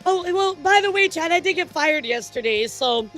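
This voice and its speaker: A very high-pitched woman talking to her livestream chat. She is excitable and laughs often, swears freely and stammers into repeated words. Faint music plays underneath her. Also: moderate pace, low-quality recording. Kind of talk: casual livestream chat with viewers.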